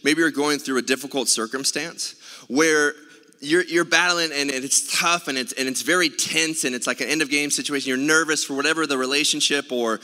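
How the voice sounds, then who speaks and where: A man's voice: fairly high pitch, fairly even intonation, fairly quick, sharp tone. A man preaching a sermon as pastor, telling a story in a conversational way with many filler sounds. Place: church sanctuary. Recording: reverberant church hall.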